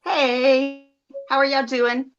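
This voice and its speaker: A woman with a Southern US accent settling into a joke on a livestream call. She speaks very slowly and deliberately, building her setup with care. The audio is dull and slightly lo-fi. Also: sits high, little pitch movement, faint music behind. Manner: slow, deliberate storyteller. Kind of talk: casual livestream chat.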